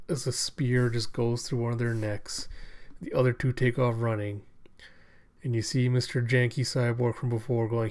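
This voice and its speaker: Male comic reader, relaxed chatty narration. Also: medium pitch, moderate pace. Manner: chatty, offhand. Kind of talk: casual comic readthrough narration.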